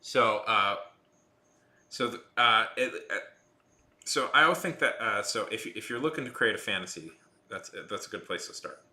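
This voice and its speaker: Guy rambling on a stream, bright edgy voice, lowish pitch, roomy echo. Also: moderate pace. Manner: rambling, many restarts and fillers. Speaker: livestream host. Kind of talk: casual chat with live chat.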